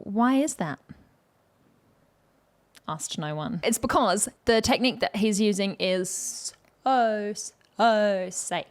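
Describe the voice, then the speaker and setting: Playful female vocal coach. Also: mid-range voice. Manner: playful, demonstrates vocal sounds mid-explanation. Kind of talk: reaction video commentary.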